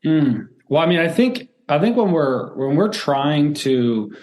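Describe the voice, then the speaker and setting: A man's voice: fairly high pitch, big pitch swings, a little slow, a little mellow. Man, former coach, earnest, reflective, restarts often, podcast guest. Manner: earnest, searching, many restarts and "right?". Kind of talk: reflective podcast interview answers.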